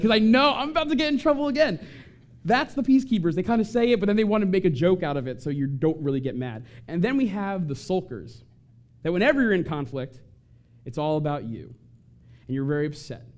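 A man giving an animated talk to an audience and acting out short quoted voices. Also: on the high side. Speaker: speaker on family conflict.

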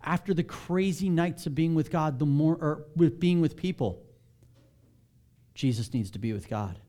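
A man's voice: a little high, moderate pace, warm tone. Man preaching a casual sermon. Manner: candid, self-deprecating, conversational preaching. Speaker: pastor.

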